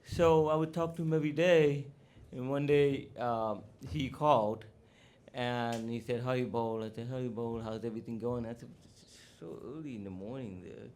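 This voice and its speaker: A man's voice: medium pitch, fairly even intonation, normal speed, a little mellow. A man casually telling personal stories as a disciple at a memorial gathering, chatty with many fillers. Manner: chatty, many fillers, acts out quoted dialogue. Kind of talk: casual storytelling talk. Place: cow sanctuary gathering in Florida.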